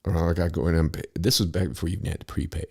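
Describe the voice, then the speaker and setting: A man's voice: deep voice, fairly even intonation, very fast, vocal fry, husky. A man telling a long, rambling story in casual talk, profane and easily sidetracked.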